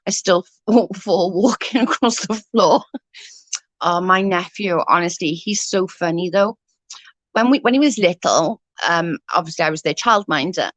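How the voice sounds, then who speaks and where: A woman's voice: fairly low pitch, dry recording. Chatty woman, casual and dry-sounding. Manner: chatty, laughs often, swears casually. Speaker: livestream host. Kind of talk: casual storytelling chat.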